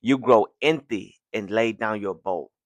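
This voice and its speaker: A man reading the lines of a stern older father who is a master archer, in a measured, solemn way. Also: lowish voice, no echo, natural voice.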